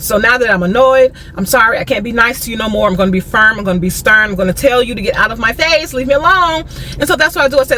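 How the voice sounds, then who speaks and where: Bright, animated woman telling a storytime vlog. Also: a little high, a little hiss or hum. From United States. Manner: animated, sassy storytelling with quoted asides. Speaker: vlogger.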